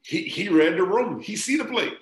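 A man co-hosting a casual podcast chat, excitable and full of slangy banter. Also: high-pitched, normal speed, echoey room. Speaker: podcast co-host.

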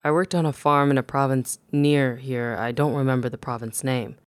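A man voicing a calm, guarded father in a spoken memoir, answering in a measured, even way. It sounds like a plain reading voice. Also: mid-range voice, clear, resonant tone, dry recording, clean studio sound, close to an everyday voice.

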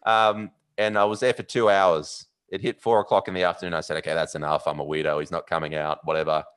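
An Australian man with a very low voice tells a long story in casual chat. He rambles, fills gaps with ums, and gets animated as the story builds. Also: quick pace, clean tone. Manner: animated, rambling, with fillers and loud yelled bits. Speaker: podcast host.

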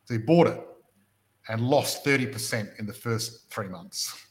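A man's voice: medium pitch, measured pace. An Australian man hosting a property-investment podcast, chatting casually and making his points through stories and rhetorical questions.

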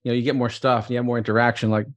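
A man's voice: medium pitch, level tone, racing. A man as an interview guest, talking in a rambling way with lots of "like" and "you know" and an upbeat tone. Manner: rambling, many fillers and restarts, upbeat. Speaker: guest entrepreneur. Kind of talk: interview conversation.

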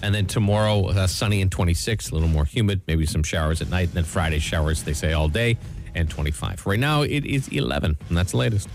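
A man running through the news on a radio show in a low, easygoing voice, adding wry asides. Faint music plays underneath. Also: lively intonation, quick pace. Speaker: radio host reading the news. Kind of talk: radio news rundown and banter.

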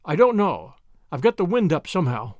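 A man's voice: a little high, very animated, fairly quick, a little mellow, no room sound, studio quality. A man voicing an earnest, uneasy young Englishman who speaks in a clipped, anxious way.

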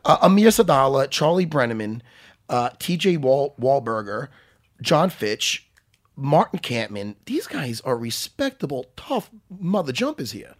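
A man co-hosting a casual talk show, excitable, swearing and laughing often. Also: medium pitch, unhurried. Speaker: co-host. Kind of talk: casual chat.

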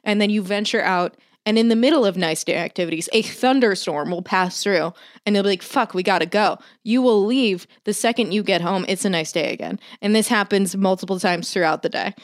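A woman's voice: medium pitch, a little fast. A young woman co-hosting a podcast, chatting casually and swearing freely as she acts out stories about her family. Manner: chatty, profane storyteller who acts out family members. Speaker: podcast co-host. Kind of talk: casual chat.

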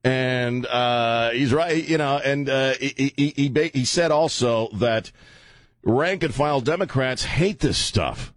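A man from Louisiana hosting a talk radio show, ranting bluntly and rambling with animated swings. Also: medium pitch, unhurried, no room sound. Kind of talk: opinionated talk radio monologue. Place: radio studio.

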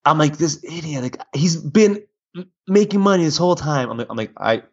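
A man talking as a podcast guest, telling stories in an animated way with many restarts. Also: a little high, fairly quick. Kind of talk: casual chat. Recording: dull lo-fi audio.

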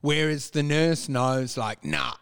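A man chatting casually and crudely, joking and acting out quick voices. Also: a little high, expressive, fairly bright tone. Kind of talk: casual comedic chat.

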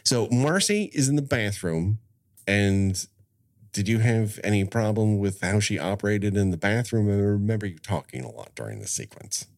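On his podcast, a middle-aged man keeps things casual, going on at length with explanations and restarting often. He speaks at a normal speed in a lowish voice with lively intonation.

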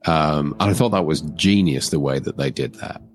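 A man's voice: extremely low pitch, moderate pace. A man co-hosting a movie watchalong, chatting casually and laughing often. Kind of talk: casual chat over a film.

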